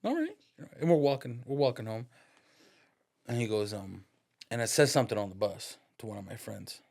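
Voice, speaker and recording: A man's voice: fairly low pitch, brisk, creaky. A man as a podcast guest, telling a story in casual, profane, slangy talk and acting out the voices in it. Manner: lively, acts out the voices in his stories.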